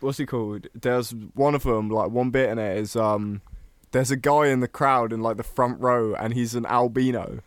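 A man's voice: medium pitch, steady tone, moderate pace, clean tone, dry recording, studio quality. A young man, co-hosting a casual podcast, swearing freely and teasing his friend in rambling banter. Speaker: podcast co-host.

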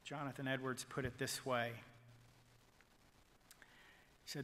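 A male pastor preaching a sermon, swinging from loud proclamation to hushed whispers as he retells a story and quotes people in it. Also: medium pitch, level tone, slow pace, pauses often, long reverb tail. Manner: quotes figures in a retold story.

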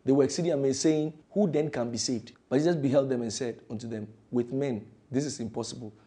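A male pastor preaching a fervent sermon in a church, repeating phrases and swinging between loud declarations and hushed lines. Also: mid-range voice, fast, breathy edge.

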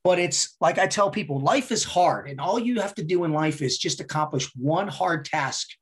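A man's voice: a little high, expressive, normal speed. A man as a podcast guest talking casually, blunt and heavily profane, driving his points home with repetition. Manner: emphatic, repeats words for effect. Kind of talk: casual interview talk.

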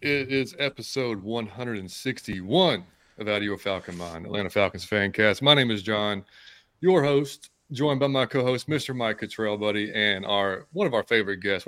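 Man, podcast host, fairly low voice, dry close sound, laid-back rambling chat. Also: normal speed, fairly bright tone, no echo. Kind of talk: casual fan podcast chat.

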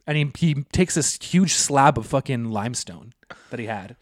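A man's voice: medium pitch, moderate pace, dry recording, clean studio sound. A man, co-hosting a podcast and telling rambling, profane stories in casual chat. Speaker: podcast co-host.

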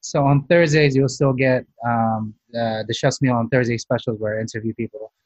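A man's voice: medium pitch, fairly even intonation, normal speed, a little mellow, dry recording. Chatty man hosting a food podcast. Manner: chatty, self-mocking, many restarts. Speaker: podcast host and chef. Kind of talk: casual chat.

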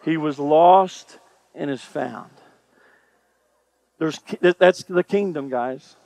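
Male preacher with a high voice, punchy and repetitive, talking right at the congregation. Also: slow pace, gravelly, darkish tone, dry recording. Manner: emphatic preaching, repeats phrases, addresses congregation directly. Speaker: pastor. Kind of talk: sermon.

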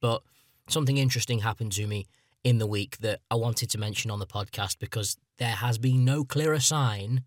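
Speaking fairly quickly at a medium pitch, a thirty-something man runs his solo comedy podcast, rambling along and teasing himself. The studio sound is clean with no echo.

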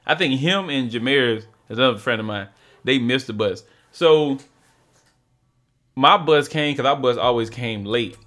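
A young man, telling a story as a podcast co-host in casual chat, animated and laughing, mimicking voices. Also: medium pitch, measured pace.

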